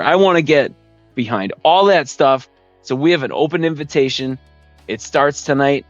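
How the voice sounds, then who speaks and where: A man's voice: mid-range voice, no room sound, lo-fi sound. A man hosting his own podcast, telling stories in a rambling, casual way and chuckling often. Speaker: podcast host. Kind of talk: casual live-stream storytelling.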